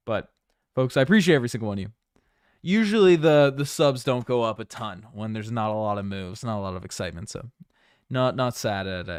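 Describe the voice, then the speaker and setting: A man's voice: lowish voice, clean tone, no room sound, clean studio sound. A man from Newfoundland hosting a basketball livestream in casual chat, rambling and jokey, often repeating his own phrases. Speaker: basketball channel host.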